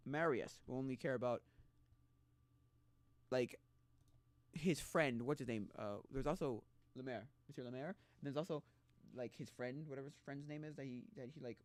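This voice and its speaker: A man's voice: mid-range voice, dry recording. Rambling man streaming casual chat. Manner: rambling, halting with restarts, mocking quoted voices.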